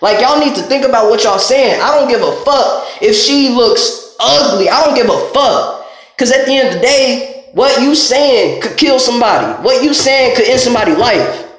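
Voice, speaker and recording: A man's voice: very high voice, expressive, normal speed, fairly bright tone. A man ranting bluntly and angrily at the camera, cursing constantly in a confrontational vlog. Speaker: vlogger. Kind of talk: heated profane rant to camera. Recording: very echoey room.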